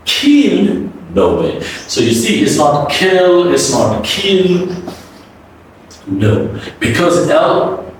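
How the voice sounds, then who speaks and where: A man teaching English pronunciation, drilling words by repeating them over and over in an animated, coaxing way. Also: mid-range voice, slow pace, a little hiss or hum. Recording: echoey room, voice from a distance.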